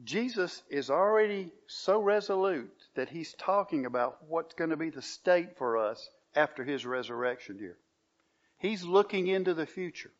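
A man delivers a sermon in a somewhat high voice, reading scripture aloud and stressing key phrases. His delivery swells emphatically. The recording is muffled and lo-fi. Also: expressive, normal speed. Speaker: pastor. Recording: dull lo-fi recording.

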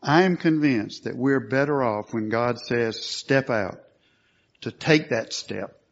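A man preaching a sermon, earnest and at times forceful, on a dull lo-fi recording. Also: medium pitch, unhurried. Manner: earnest, rising to forceful emphasis.

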